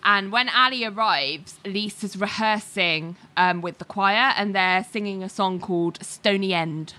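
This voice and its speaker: A woman's voice: mid-range voice, unhurried, pushed and bright. A woman co-hosting a casual chat, retelling a story and acting out the characters' lines with lots of fillers. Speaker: podcast co-host recapping a TV show.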